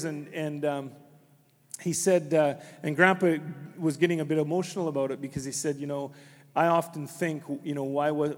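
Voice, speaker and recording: Pastor in a reverberant church. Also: male voice, on the high side. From Canada. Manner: conversational storytelling, many restarts. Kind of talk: sermon. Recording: long hall reverb.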